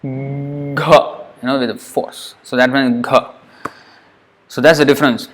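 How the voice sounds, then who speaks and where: A man's voice: mid-range voice, steady tone, moderate pace, a bit bright. A man teaching Sanskrit pronunciation in a recorded lesson, demonstrating each syllable aloud and repeating it patiently.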